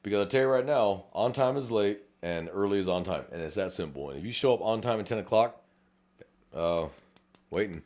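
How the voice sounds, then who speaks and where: Middle-aged South Texas cop, low voice, rapid and blunt, cursing freely as he co-hosts a chat. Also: animated, darkish tone. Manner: blunt, profane, rapid-fire, acts out quoted exchanges. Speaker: podcast co-host, police officer. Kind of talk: casual chat.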